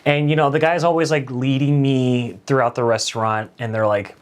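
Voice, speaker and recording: A man's voice: medium pitch, steady tone, moderate pace, clean tone. A man hosting a late-night show, telling a personal story in a conversational, self-deprecating way.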